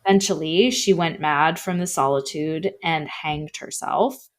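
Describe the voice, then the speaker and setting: A woman's voice: sits low, measured pace. A young woman co-hosting a podcast, reading ghost stories from an article in casual chat, with a slight lisp and some stumbling over her words. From Canada. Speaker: podcast co-host.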